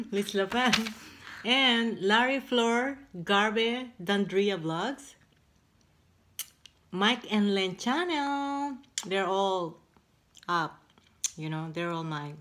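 A woman chatting casually in a mukbang video, pausing to eat between halting words. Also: mid-range voice, fairly bright tone, a little hiss or hum. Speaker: eating-show vlogger.

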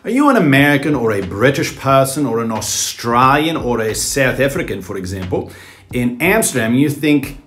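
A man's voice: medium pitch, big pitch swings, moderate pace, fairly bright tone, slightly rough. A man giving a comedic accent lesson, playful, with exaggerated demonstrations. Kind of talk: comedic language tutorial.

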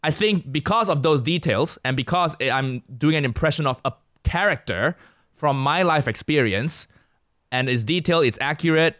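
Young man, from Asia, podcast guest, methodical numbered points, slightly high voice, dry close sound. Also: expressive, moderate pace, fairly bright tone, no echo. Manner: lays out his argument point by point. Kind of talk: casual podcast interview.

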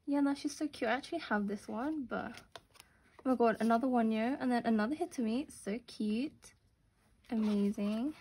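A young woman doing casual unboxing commentary, gushing and gasping with excitement over what she pulls. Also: fairly high pitch, normal speed, a little hiss or hum. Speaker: unboxing vlogger.

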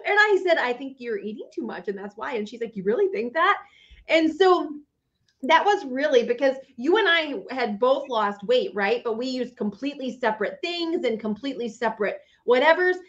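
A woman's voice: high-pitched, animated, moderate pace, fairly bright tone, lo-fi sound. A woman host talking with a friend in a casual, empathetic interview chat. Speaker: podcast host.

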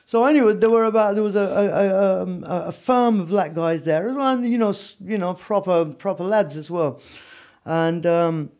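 A man with a high voice tells his story as a podcast guest. He talks in an animated, casual way and keeps checking in with his listener. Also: moderate pace. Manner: animated, peppered with "you know what I mean". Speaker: podcast guest, former prisoner.

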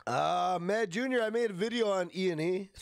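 A man's voice: high-pitched, animated, moderate pace, clear, resonant tone, no room sound, studio quality. A man casually live-streaming a game, greeting chatters by name and swearing freely.

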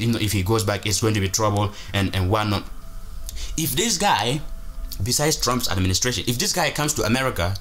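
A man's voice: mid-range voice, a bit bright. Rambling, emphatic male vlogger. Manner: rambling, emphatic, frequent restarts. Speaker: channel host. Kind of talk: casual commentary vlog.

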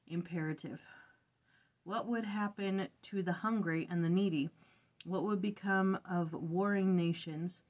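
A woman's voice: mid-range voice, a little mellow. A woman hosting an early-morning scripture study, chatting casually and thinking aloud as she reflects.

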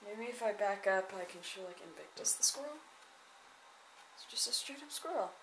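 A woman vlogging with a handheld phone camera on a home staircase, chatting excitedly, swinging from hushed murmurs to loud exclamations. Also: mid-range voice, moderate pace, slight background noise. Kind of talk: casual handheld narration. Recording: echoey indoor stairwell.

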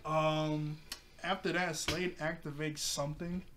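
A man casually recapping a cartoon episode for his channel, excitable, laughing often and breaking into loud exclamations. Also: fairly high pitch, slow pace, noisy background.

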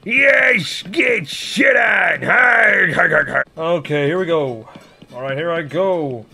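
A man voicing a gruff, greedy old sea-captain crab, using salty pirate growls and frantic yelling while commentating on a game. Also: fairly high pitch, expressive, slow pace, full character voice. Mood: gruff excited. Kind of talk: in-character gaming commentary.

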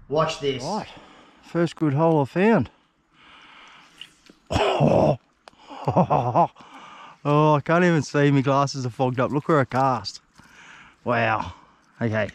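An Australian man with a fairly high voice narrates his fishing trip outdoors by a river. He chatters to the fish and the viewers, excited and casual, in a loose vlog style. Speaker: fishing channel host.

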